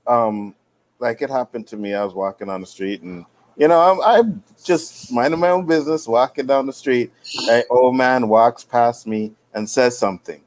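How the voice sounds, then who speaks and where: A man on a live panel show, telling a story in a relaxed way and giving others short nods of agreement. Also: mid-range voice, moderate pace, poor audio. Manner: easygoing storyteller, affirming others. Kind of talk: casual live panel chat.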